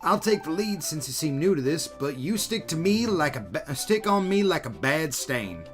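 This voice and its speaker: A man's voice: a little high, very animated, normal speed, a bit bright, faint music behind. A man voicing a helpful, folksy male Nuzleaf with an American Southern accent, reading the game dialogue aloud. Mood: folksy advice. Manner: folksy, drawling, exclamatory.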